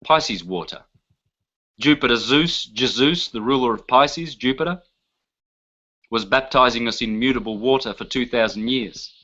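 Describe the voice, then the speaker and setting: Emphatic male lecturer with a bright tone. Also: mid-range voice, a little slow, lo-fi sound. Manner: emphatic, listing terms one by one, rhetorical questions. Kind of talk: lecture to a live audience.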